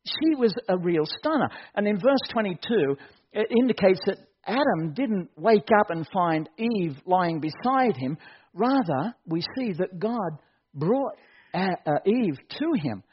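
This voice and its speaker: A man preaching a sermon as pastor, joking and building to excited shouts. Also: sits high, unhurried, slightly rough, muffled recording.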